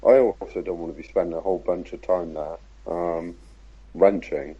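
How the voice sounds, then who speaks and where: A man, a podcast guest talking casually about racing in a measured, laid-back way with frequent fillers. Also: sits low, steady tone, husky, dull audio. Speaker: podcast guest, RC car racer.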